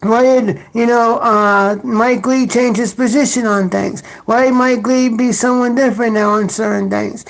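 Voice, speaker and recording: Gravelly voiced angry political ranter. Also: mid-range voice, steady tone, normal speed, hardly any pauses, low-quality recording. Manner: combative, scolding, sarcastic. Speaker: political commentator.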